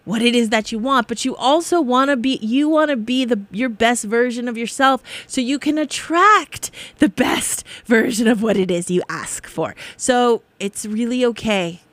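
A woman's voice: a little high, moderate pace, hardly any pauses, dry recording. A woman hosting a casual spiritual talk, rambling and encouraging, often breaking into laughter. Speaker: spiritual podcast host.

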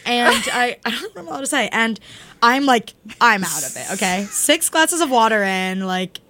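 A woman's voice: a little high, animated, moderate pace, background noise. A young woman in casual chat with friends, telling stories animatedly and laughing often. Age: young adult. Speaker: storyteller among friends.

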